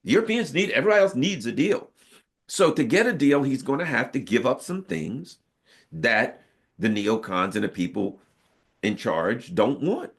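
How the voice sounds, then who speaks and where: A man's voice: medium pitch, expressive, moderate pace, gravelly. A man from the United States giving emphatic, casual political commentary with frequent rhetorical asides.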